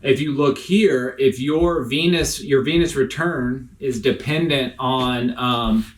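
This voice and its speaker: A man's voice: mid-range voice, slight background noise. Man giving a casual medical lecture. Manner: explanatory, casual, with frequent fillers. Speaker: critical care educator. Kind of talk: recorded medical lecture over slides.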